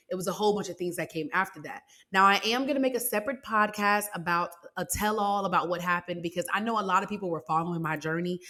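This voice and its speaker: A woman hosting a podcast, telling a personal story in an emotional, animated, faith-filled way and speaking straight to her listeners. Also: medium pitch. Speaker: podcast host.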